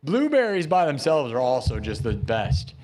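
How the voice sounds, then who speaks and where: A man's voice: mid-range voice, wildly swooping pitch, moderate pace, darkish tone. A man hosting a late-night music livestream, chatting casually and goofily, rambling and breaking into silly chants. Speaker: livestream host and improv musician.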